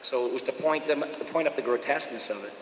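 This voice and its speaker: A man from Boston, a voice actor telling stories at a fan Q&A, animated and dropping into quick impressions. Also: mid-range voice, a crowd in the background. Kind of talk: casual anecdotal chat. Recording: echoey hall with long reverb.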